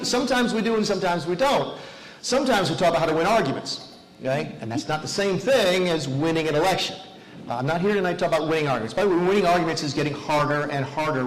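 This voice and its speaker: A man's voice: a little high, poor audio. A man giving a folksy, self-deprecating rally speech full of anecdotes, recorded in a large venue. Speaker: political speaker.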